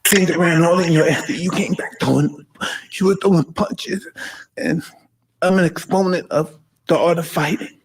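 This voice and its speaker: A man in his fifties talking intensely and emotionally, profane and halting, in a casual conversation. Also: on the high side, slightly rough. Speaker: podcast host.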